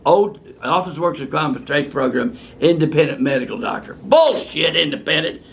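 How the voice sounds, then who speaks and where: Gravelly older man in a fiery profane rant. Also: on the high side, lively intonation, moderate pace. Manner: blunt, fiery and profane, ranting. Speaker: physician answering viewer questions. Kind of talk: unscripted question-and-answer talk.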